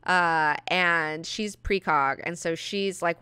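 A young woman hosting a comic review, talking casually with lots of swearing and acting out characters in quick bits. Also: low voice, sharp tone, clean tone, no room sound, studio quality.

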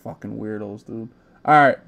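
A man's voice: on the low side, normal speed, vocal fry, fairly bright tone. A young man hosting a casual gaming podcast, talking brash, profane trash talk. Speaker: podcast host.

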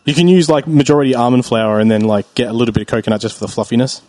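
A man's voice: mid-range voice, very fast, darkish tone, no echo. Dry-sounding laid-back man explaining. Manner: easygoing, laughs often, explains with hesitant fillers. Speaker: podcast co-host. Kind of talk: casual chat.

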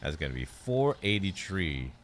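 A man's voice: deep voice, big pitch swings, moderate pace, noisy background. A young man streaming a shop game, playfully playing a polite cashier who greets and thanks each customer. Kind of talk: casual game commentary.

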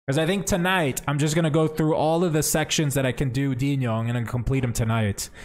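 A young man streaming a game, chatting casually and thinking out loud as he plays. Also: mid-range voice, fairly even intonation, brisk. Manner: chatty, thinks aloud, says bro and man. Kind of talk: casual livestream commentary.

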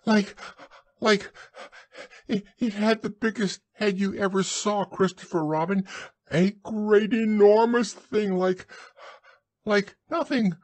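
A man voicing a small, timid male piglet who squeaks, stammers and is out of breath. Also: steady tone, takes it slowly, long pauses, darkish tone. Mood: breathless. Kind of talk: storybook reading.

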